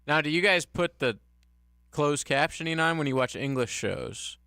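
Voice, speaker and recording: A man's voice: a little high, normal speed, vocal fry, sharp tone, smooth, no room sound. A man co-hosting a sports radio show, chiming in with dry, wry remarks. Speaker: radio co-host. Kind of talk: casual radio chat. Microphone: studio microphone.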